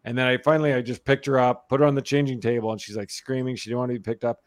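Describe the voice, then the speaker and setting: A man's voice: mid-range voice, racing. A man in his thirties telling funny stories about his toddler in a casual chat. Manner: animated storyteller, mimics a toddler's voice in quotes.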